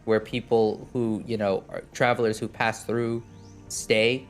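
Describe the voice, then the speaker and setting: A man's voice: on the low side, level tone, a little slow, faint music behind. A man playing a tabletop game, casual and hesitant, with many fillers. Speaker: player.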